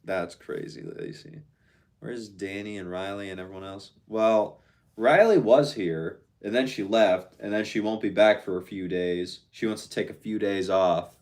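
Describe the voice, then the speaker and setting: A man's voice: on the low side, a little slow, a little mellow. A man casually chatting on a live stream, reading out viewer comments and answering them in a laid-back, slangy way.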